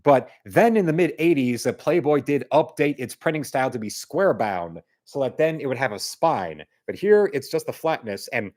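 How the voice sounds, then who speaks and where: A man's voice: mid-range voice, very animated, moderate pace, hardly any pauses, darkish tone. A man hosting a live stream, chatting casually and reading viewer comments in a rambling way. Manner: rambling, with many fillers and restarts.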